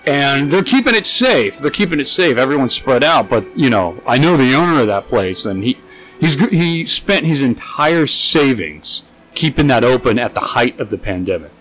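Lively swearing man telling a story. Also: normal speed, soft background music. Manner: animated, swears a lot, acts out quotes in high voices. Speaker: podcast co-host. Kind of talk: casual storytelling chat.

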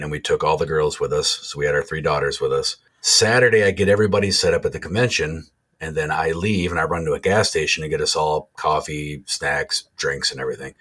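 A man's voice: extremely low pitch, fairly bright tone. A man co-hosting a casual podcast, telling long rambling stories and swearing now and then. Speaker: podcast co-host.

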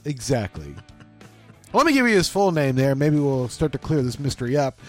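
A man's voice: medium pitch, very animated, moderate pace, a little mellow, soft background music. A man co-hosting a casual podcast, joking around and laughing often as he tells stories. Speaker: podcast co-host.

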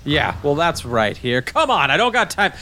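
A man voicing a gruff, impatient female camp cook who barks orders and threatens. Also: on the high side, big pitch swings, normal speed, bright, forceful tone, a little hiss or hum.

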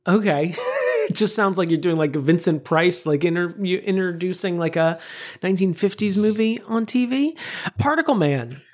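A woman co-hosting a podcast in casual chat, jokey and quick to laugh. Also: on the low side. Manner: animated, jokey, laughs often. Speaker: podcast co-host.

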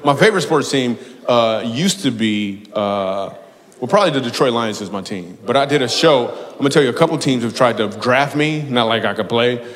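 A man doing stand-up crowd work, telling stories and teasing audience members with bursts of laughter. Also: mid-range voice. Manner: loose, teasing, storytelling with bursts of excited laughter. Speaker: stand-up comedian taking audience questions. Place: large hall before a live audience. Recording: live hall with long reverb.

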